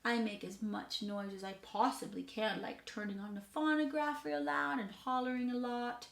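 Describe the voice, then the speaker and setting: A woman's voice: a little high, steady tone, moderate pace, gravelly. A woman voicing a precocious, mischievous six-year-old girl who lives in a hotel, in a chatty, boastful storybook monologue. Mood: playful. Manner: chatty, boastful, matter-of-fact child monologue. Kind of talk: dramatic reading of a storybook character. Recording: roomy echo.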